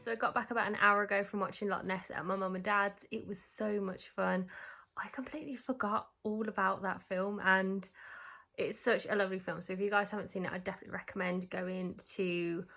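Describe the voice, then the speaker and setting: A woman's voice: mid-range voice, fairly even intonation, a little fast, vocal fry, pushed and bright, faint music behind. A woman, talking to the camera in a casual, chatty vlog. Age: 20s. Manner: chatty and bubbly, lots of "like" and "so". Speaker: vlogger.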